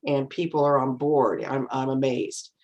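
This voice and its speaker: Low-voiced middle-aged woman telling stories. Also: moderate pace, dull audio. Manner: calm, anecdotal, acts out quoted voices. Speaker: guest. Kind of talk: casual storytelling chat.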